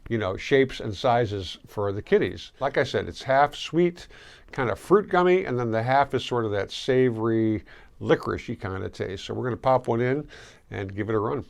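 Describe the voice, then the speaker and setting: A man's voice: medium pitch, expressive, moderate pace, gravelly. A man from Michigan, hosting a casual candy tasting video, chatting and chewing as he reviews each piece. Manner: chatty, chewing while talking. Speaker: host.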